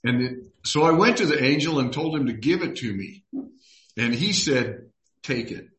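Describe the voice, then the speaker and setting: A man's voice: medium pitch, expressive, normal speed, fairly bright tone. A man pastor teaches a Bible study in an easygoing, conversational way. He reads scripture aloud and acts out the people in the passages. His voice rings with a roomy echo. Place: church room.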